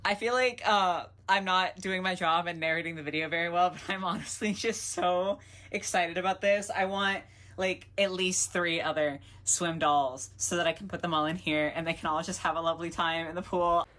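Gushing, excitable young woman vlogger. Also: lowish voice, normal speed. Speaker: doll collector vlogger. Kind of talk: casual haul vlog.

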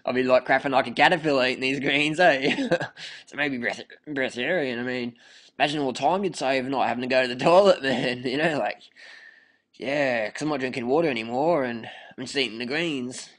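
A man's voice: medium pitch, fairly quick, fairly bright tone. A young man rambling in a laid-back, slang-heavy comedic monologue and laughing between phrases. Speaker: comic persona of a raw-food devotee.

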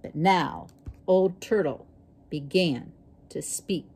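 A woman reading a picture book aloud in a slow, expressive manner. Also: fairly low pitch, slightly rough. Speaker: storybook reader.

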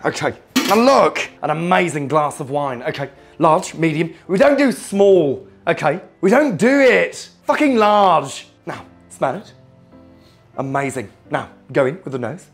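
A man putting on a hot-tempered celebrity chef, a foul-mouthed middle-aged man with a gravelly, slightly high voice. He keeps snapping "okay?" at the viewer and erupts into shouted tirades. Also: normal speed, soft background music. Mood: instructive bravado. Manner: swears constantly, keeps barking "okay?", bursts into shouting. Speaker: impressionist. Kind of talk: comedic cooking demonstration impression.

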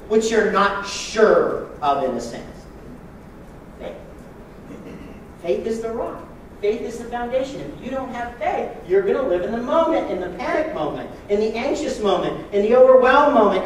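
A man preaching a sermon as pastor, joking and lively with sudden loud bursts. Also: very high voice, very echoey, distant mic, slight background noise, low-quality recording.

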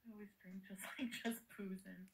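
A woman's voice: mid-range voice, fairly even intonation, moderate pace, creaky, low-quality recording. A worn-out woman talks on a casual livestream, tired and delirious after long travel. She giggles often and greets her viewers one by one in a chatty, scattered way.

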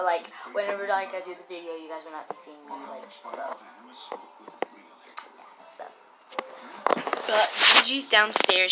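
A woman's voice: medium pitch, low-quality recording. A woman vlogging casually from a room at home into a phone, rambling with lots of fillers and restarts and sometimes dropping to a whisper. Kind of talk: casual vlog chat. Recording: loud background noise on a phone recording.

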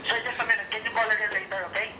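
Polite fast-talking man with a high voice. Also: little pitch movement. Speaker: fast-food worker on the phone. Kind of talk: phone call with a customer. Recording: echoey with loud background noise.

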